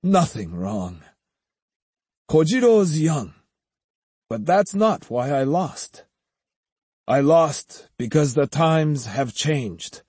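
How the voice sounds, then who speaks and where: A man's voice: fairly high pitch, sing-song, a little mellow, breathy edge, no room sound, voice pushed up, full character voice. A man voicing a stern aging sword master. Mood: calm. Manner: grave, measured lecturing. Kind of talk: audiobook character reading.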